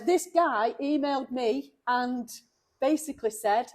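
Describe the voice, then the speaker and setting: Speaking straight to her viewers, this woman vlogger is heading up a car restoration and keeps the chat casual. Her slightly high voice has lively intonation, and she's warm, emotional, quick to laugh, and full of heartfelt thanks along the way.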